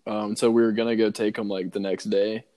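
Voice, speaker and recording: A young man as a podcast guest, chatting casually in a dry, deadpan, teasing way. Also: on the low side, fairly quick, low-quality recording. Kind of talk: casual chat. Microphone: phone call.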